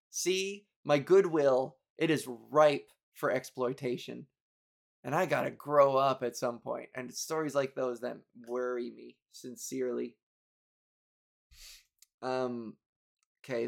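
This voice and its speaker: Young male podcast host, slightly high voice, casual rambling monologue, swears freely, self-deprecating, flares up in exasperation. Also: creaky. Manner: rambling, profane, self-mocking storytelling with bursts of exasperation.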